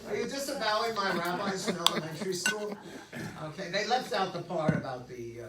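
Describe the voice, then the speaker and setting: Brief: older male rabbi, casual joking sermon, bright slightly high voice, distant mic in an echoey sanctuary. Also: expressive, brisk, a loud crowd. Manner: joking, conversational, lots of okays and asides. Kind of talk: informal sermon. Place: synagogue sanctuary. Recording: echoey hall, distant mic, faint hum.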